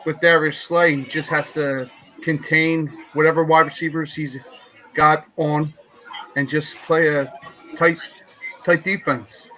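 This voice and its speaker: Bright, tense-voiced man talking tough. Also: fairly high pitch, level tone, a little slow, faint music behind, rough recording. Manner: blunt, confident, trash-talking. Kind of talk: casual sports talk.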